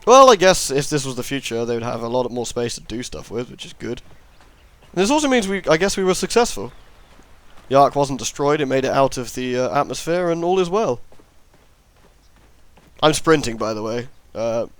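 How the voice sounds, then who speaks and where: A man's voice: mid-range voice, sing-song, normal speed, fairly bright tone, no room sound. A man hosting a let's play, rambling and sarcastic as he comments on the game. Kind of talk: gameplay commentary.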